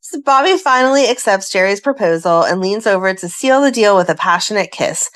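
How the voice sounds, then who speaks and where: A woman's voice: mid-range voice, animated, fairly quick, fairly bright tone. A woman co-hosting a fan podcast, reading plot recaps aloud and breaking off into chatty asides. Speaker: podcast co-host. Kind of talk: casual chat, reading episode recaps.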